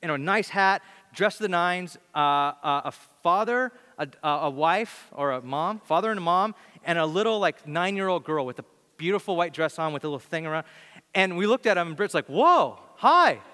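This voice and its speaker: A man preaching a sermon and telling a story in an animated, conversational way, with frequent restarts. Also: on the high side, a little fast, smooth. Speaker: pastor. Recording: long hall reverb.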